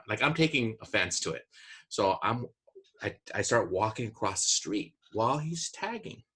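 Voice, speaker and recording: Husky, bright-voiced man telling a story. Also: fairly low pitch. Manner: animated storyteller, acts out his own past panic in a raised voice. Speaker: podcast co-host. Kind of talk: casual storytelling chat.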